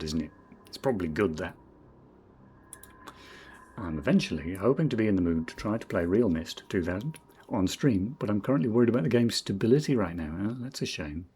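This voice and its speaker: A man in his forties from Northeast England with a southern English accent, streaming a game in casual commentary, rambling and self-deprecating, muttering quiet asides to himself. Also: low voice, husky. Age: 40s. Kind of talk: casual game commentary while reading chat.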